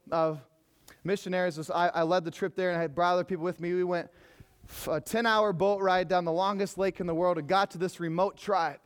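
High-voiced preacher, emphatic. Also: male voice. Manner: emphatic, swinging from loud exhortation to hushed storytelling. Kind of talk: sermon.

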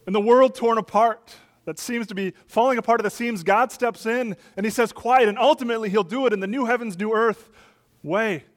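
A middle-aged man preaching a sermon as pastor, building to loud emphatic peaks and dropping soft. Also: high voice, a little fast.

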